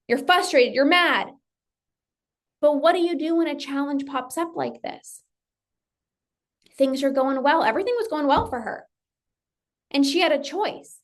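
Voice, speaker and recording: High-pitched lady coach doing an emphatic pep talk, acts out her client's thoughts. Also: expressive, a little slow, pauses often. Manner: emphatic, repeats phrases for effect, acts out client's voice. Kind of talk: motivational talk.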